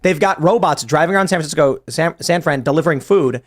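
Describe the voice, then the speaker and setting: A man's voice: on the high side, fast. A man hosting a casual panel talk show, leading the discussion with wry asides and acted-out scenarios. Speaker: podcast host.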